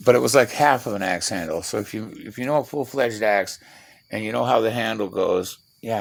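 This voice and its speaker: A man talking fast in a rambling, profane, digressive vlog monologue from his half-built shed at night. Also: lowish voice, gravelly, noisy background. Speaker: vlogger.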